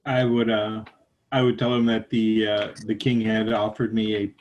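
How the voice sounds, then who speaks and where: A man playing in a tabletop game, speaking hesitantly with halting fillers. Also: on the low side, monotone, darkish tone, highs cut off, a little hiss or hum. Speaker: player. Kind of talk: tabletop game role-play.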